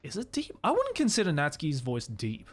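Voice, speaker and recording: A man's voice: fairly high pitch, huge pitch swings, a little fast, fairly bright tone, soft background music. A man chatting casually with his stream audience, often laughing and trailing off with fillers. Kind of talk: casual chat.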